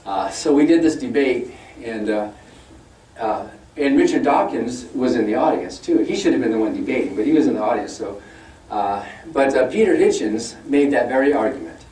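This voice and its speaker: A man's voice: mid-range voice, lively intonation, normal speed, mellow. An older man giving a conversational public lecture, telling stories with lots of fillers and mimicking opponents in a mocking voice. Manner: conversational storytelling, with many fillers. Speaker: guest speaker. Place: lecture room at a university event. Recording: roomy hall, mic at a distance.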